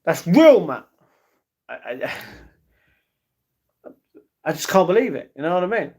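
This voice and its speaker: Unhurried, slightly high male streamer. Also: very animated, a little mellow, husky. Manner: chatty, answers viewers' chat, talks to his pets. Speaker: live streamer. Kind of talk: casual live-stream chat.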